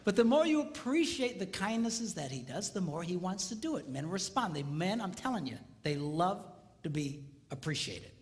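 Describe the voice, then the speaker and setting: Animated middle-aged man on stage. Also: high-pitched, moderate pace. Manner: animated, acts out voices and sounds mid-story. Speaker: marriage seminar speaker. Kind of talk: comedic stage talk. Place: large hall before a live audience. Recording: reverberant live hall, faint noise.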